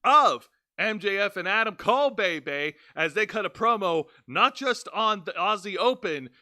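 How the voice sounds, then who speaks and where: A man hosting a casual wrestling review podcast, talking in an animated, jokey, rambling way. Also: high voice, normal speed, no room sound, clean studio sound. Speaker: podcast host.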